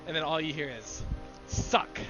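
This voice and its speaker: A man's voice: mid-range voice, animated, normal speed, music in the background, poor audio. A man chatting casually with friends while gaming, rambling and laughing often, swearing casually. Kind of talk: casual chat.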